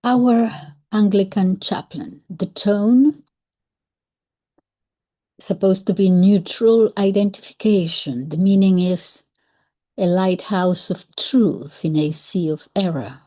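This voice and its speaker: A woman giving measured, analytical commentary on a historical book, with occasional soft whispered asides. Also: mid-range voice. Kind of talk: reflective commentary.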